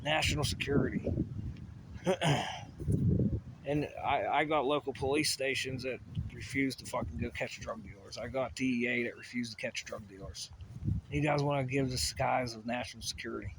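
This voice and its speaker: A man's voice: medium pitch, fairly even intonation, moderate pace, background noise. A man ranting in a rambling solo monologue, profane and agitated, full of asides and restarts. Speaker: vlogger.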